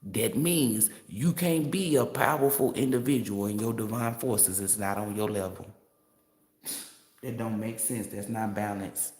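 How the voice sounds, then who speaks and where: A man's voice: lowish voice, measured pace, darkish tone. A man who reads tarot, ranting in a casual livestream in a brash, profane way and laughing often. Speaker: tarot reader. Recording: roomy echo.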